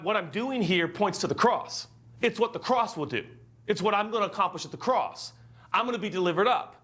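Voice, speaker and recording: A man preaching a sermon with a lot of emotion, acting out the voices he quotes and swinging from hushed lines to loud ones. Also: high-pitched. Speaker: pastor.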